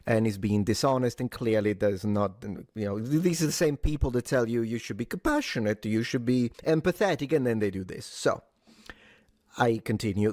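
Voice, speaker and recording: A man's voice: medium pitch, normal speed, a little mellow, no echo. Mocking male commentator, dry sound. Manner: mocking, lecturing. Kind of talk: casual commentary.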